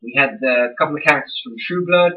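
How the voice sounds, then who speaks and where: A man's voice: mid-range voice, quick pace, far from the mic, phone-quality sound. A young man in a casual vlog, ranting with heavy swearing and exasperation. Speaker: vlogger.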